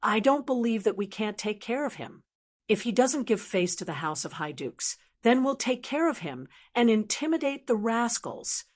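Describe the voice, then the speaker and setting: A woman's voice: fairly high pitch, big pitch swings, normal speed. A woman voicing a lazy, brash young nobleman who scoffs and talks bluntly.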